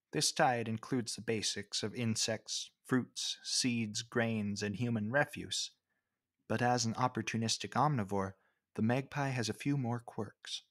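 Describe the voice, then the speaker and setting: A man giving scripted narration for a nature video, with a wry, measured storytelling manner. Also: medium pitch, fairly bright tone, dry recording, studio quality.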